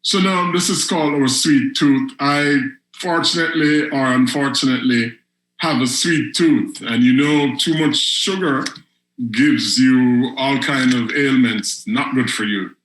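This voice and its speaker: A man hosting an online poetry show, reading his own spoken word poems in a slow, emphatic delivery that leans into repetition. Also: mid-range voice, a bit bright, echoey room, rough recording. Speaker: host and poet.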